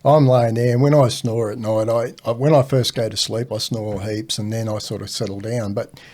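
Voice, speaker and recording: An older man with an Australian accent telling stories as a podcast guest, animated and laughing as he spins a yarn. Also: lowish voice, normal speed. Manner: animated yarn-spinner who laughs at his own stories. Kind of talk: casual storytelling.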